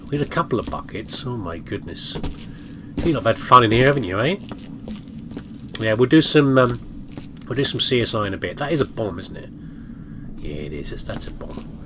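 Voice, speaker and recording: A man's voice: medium pitch, noisy background. Chatty man narrating his gameplay. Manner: chatty, self-mocking, talks to viewers and objects. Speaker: let's play gamer. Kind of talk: casual gameplay commentary.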